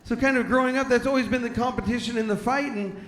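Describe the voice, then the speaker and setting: A man's voice: very high voice, fairly even intonation, quick pace, a bit bright, a little hiss or hum. A man from San Diego doing a stand-up comedy set, telling self-deprecating stories about his family and slipping into character voices. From San Diego, California. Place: large hall with audience. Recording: echoey live hall.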